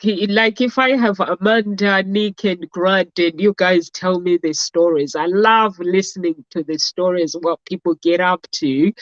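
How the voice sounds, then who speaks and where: With a lowish voice, a woman from Africa hosts a relaxed talk show, spinning meandering anecdotes peppered with "uh" and "basically." The recording is dry, dull, and lo-fi, with no echo.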